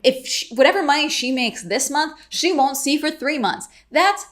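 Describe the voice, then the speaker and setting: A woman's voice: high voice, expressive, normal speed, fairly bright tone. A woman vlogger ranting to camera, getting worked up and exasperated, swearing freely. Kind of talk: casual ranting vlog.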